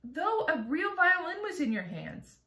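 Storybook: woman as small curious boy, high and earnest, echoey. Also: very animated, a little slow, bright, forceful tone, exaggerated voice. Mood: eager. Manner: wondering, earnest. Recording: roomy echo.

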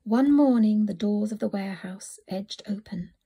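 A woman narrating a children's storybook in a soft, often whispered reading voice. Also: medium pitch, normal speed, gravelly, breathy edge.

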